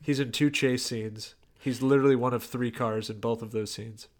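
A man's voice: mid-range voice, steady tone, moderate pace. A man co-hosting a podcast, chatting casually about a movie with dry, joking asides. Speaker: podcast co-host. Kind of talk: casual chat reviewing a movie.

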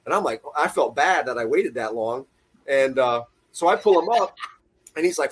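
A man casually telling a fishing story, animated and profane, laughing as he goes. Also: mid-range voice, normal speed, husky.

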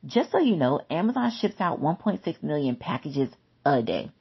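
A woman's voice: deep voice, big pitch swings, normal speed, vocal fry, husky, lo-fi sound. A woman giving an instructional talk about scams, emphatic and chatty, repeating key points. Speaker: consumer safety educator.

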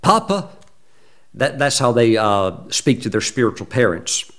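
Man preaching a story, measured delivery. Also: on the low side. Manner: slow, deliberate retelling with acted quotes. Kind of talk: sermon storytelling.

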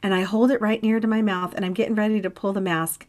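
Middle-aged female podcast host, lively and profane storyteller, mid-range voice. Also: medium pitch, fast. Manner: animated, laughing, salty storytelling. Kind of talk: casual storytelling chat.

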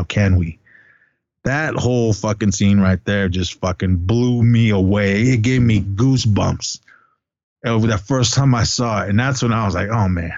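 A man's voice: lowish voice, a little mellow, no echo. A man co-hosting a podcast, casually recapping a film in a rambling way, full of restarts. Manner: rambling retelling, many restarts and "he goes". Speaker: podcast co-host. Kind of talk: casual movie recap chat. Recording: muffled dry lo-fi audio.

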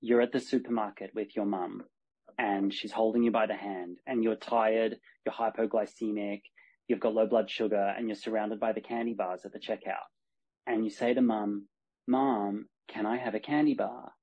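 A man, a horsemanship coach talking as a podcast guest, animated and acting out the lines in his stories. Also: fairly low pitch, normal speed. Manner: animated storyteller, acts out dialogue. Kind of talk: podcast conversation. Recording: dull lo-fi podcast sound.

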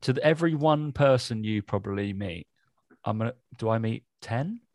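A man's voice: lowish voice, lively intonation, normal speed, darkish tone, no room sound. A man co-hosting a podcast in casual, teasing chat that rambles between jokes. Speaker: podcast co-host.

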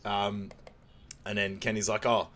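Laughing low-voiced man recapping a film. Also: flat delivery, a little slow, a bit bright. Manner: laughs often, acts out quotes in raised voices. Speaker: podcast co-host. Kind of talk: casual movie recap chat.

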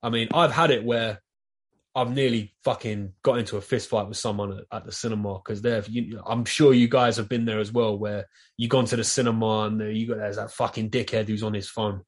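A man chatting casually and telling animated, swear-filled stories full of fillers. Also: fairly low pitch, fairly quick. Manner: animated storyteller, heavy swearing, lots of fillers. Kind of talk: casual chat.

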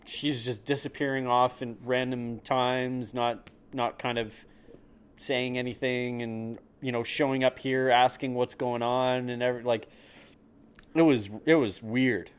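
A man at ordinary pitch chats casually and adds his side of a story. He often stops and restarts his sentences. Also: steady tone, clean tone. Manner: agreeing, halting recollection with repeated restarts. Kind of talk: casual chat.

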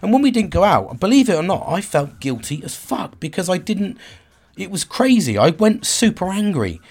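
A man in his forties talks straight to the listener in a raw, unscripted monologue. He swears freely, breaks off and restarts as he hunts for the right words, and his voice sits a little higher than most men's. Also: big pitch swings, normal speed, darkish tone, breathy edge. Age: 40s. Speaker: vlogger. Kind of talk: candid personal monologue.

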